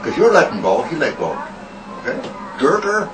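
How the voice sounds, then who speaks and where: A man's voice: fairly high pitch, huge pitch swings, moderate pace. A man playing a crude, blustering uncle who swears heavily at a teacher in an improvised comedy sketch. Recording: echoey, distant, noisy amateur recording.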